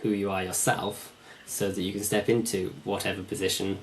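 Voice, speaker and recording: A man's voice: deep voice, flat delivery, brisk, a little hiss or hum. A man hosting a podcast conversation, reflective, building his ideas in repeated phrases. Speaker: podcast host.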